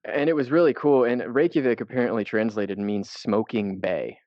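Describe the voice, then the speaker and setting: A man's voice: fairly low pitch, normal speed, no echo. A man co-hosting a podcast. He tells a travel story in a loose, rambling way and swears casually. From United States. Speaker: podcast co-host. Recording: dull, dry lo-fi podcast audio.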